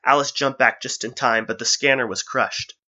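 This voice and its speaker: A man reads an adventure story aloud in a steady, engaged manner. His voice is very bright and sharp at an ordinary pitch, and the recording sounds dull and lo-fi. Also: moderate pace. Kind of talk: audiobook-style story narration.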